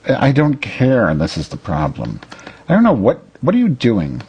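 A man's voice: mid-range voice, wildly swooping pitch, moderate pace, darkish tone, a little hiss or hum. A man co-hosting a comedy podcast, bossy, impatient and teasing in crude bickering banter. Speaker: podcast co-host.

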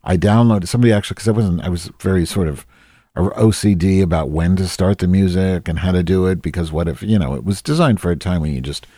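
A crude, self-mocking woman, as a man plays her rambles through a solo comedy monologue, losing her thread and filling gaps as she goes. The voice sits very low and dark. It is dry and close, with no room sound. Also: fast talker, dry recording. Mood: rambling. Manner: rambling, distracted, loses track with many fillers.

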